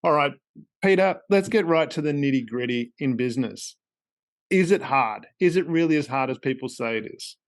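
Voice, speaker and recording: A man's voice: mid-range voice, animated, normal speed. An Australian man hosting a business podcast with a playful, theatrical delivery and fond wordplay. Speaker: podcast host.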